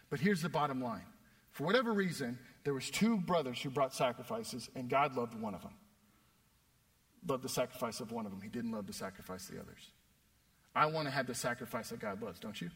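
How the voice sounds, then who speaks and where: A young man preaching a sermon, telling a self-deprecating story with animated delivery. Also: medium pitch, a little fast. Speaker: pastor. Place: church worship space. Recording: long reverb of a church hall.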